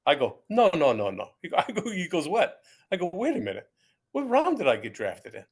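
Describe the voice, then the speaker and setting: A man's voice: high-pitched, huge pitch swings, fast, breathy edge. A man in his seventies, a former pro football player, telling stories in a casual interview with many restarts and repeated words. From United States.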